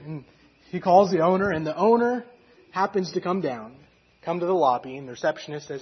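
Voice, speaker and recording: A man's voice: on the high side, a little fast, husky, muffled recording. A man preaching, retelling a story in a conversational way with fillers and acted quotes. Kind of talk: sermon storytelling.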